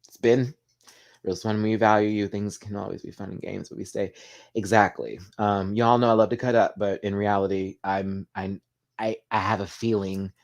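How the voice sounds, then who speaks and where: A man hosts a casual live chat, choked up and emotional. His voice sits a little low, and he talks in an open, heartfelt way, swearing freely as he reads comments. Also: flat delivery, normal speed. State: tearful, emotional. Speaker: livestream host.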